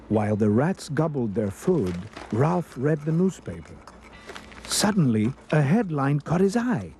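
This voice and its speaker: A man reading a children's storybook aloud, expressive with dramatic pauses. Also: a little high, soft background music. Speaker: narrator.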